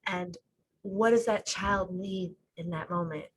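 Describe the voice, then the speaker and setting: A woman's voice: lowish voice, measured pace, slight background noise, poor audio. A woman life coach, a podcast guest speaking over a video call, explaining her ideas with metaphors. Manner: explains with metaphors, acts out quoted voices.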